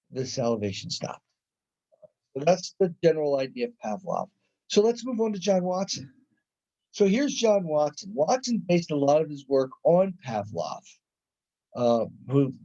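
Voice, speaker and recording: A man's voice: fairly high pitch, mellow. A middle-aged man giving a conversational college psychology lecture, often restarting his sentences and acting out examples. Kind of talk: classroom lecture. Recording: dull lo-fi lecture recording.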